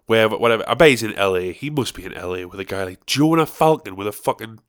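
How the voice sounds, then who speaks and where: A man's voice: fairly low pitch, lively intonation, fast. A young man hosting a solo podcast, rambling casually with crude, self-mocking jokes. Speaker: podcast host.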